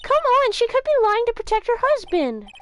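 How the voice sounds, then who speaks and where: A woman voicing an excitable young woman sidekick in a game, talking high, loud and indignant. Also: fairly quick, slight background noise, exaggerated voice.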